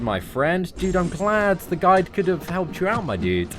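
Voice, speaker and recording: A man's voice: moderate pace, few pauses. A young man casually commentating his mobile game live, chatty and jokey, thanking viewers as he plays. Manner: chatty, jokey, lively pitch jumps when excited. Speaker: gaming livestream host. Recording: faint music behind.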